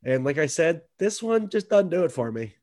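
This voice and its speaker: A man's voice: fairly high pitch, sing-song, moderate pace, a little mellow. A man co-hosting a casual sports podcast, joking sarcastically and swearing freely. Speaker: podcast co-host.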